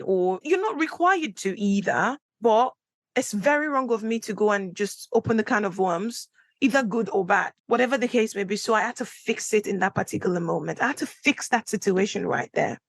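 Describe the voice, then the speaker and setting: Brief: woman podcast host, solo, chatty storyteller who acts out quotes with big pitch jumps, dry close mic. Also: expressive, moderate pace, no room sound. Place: indoor room, recording at home setup.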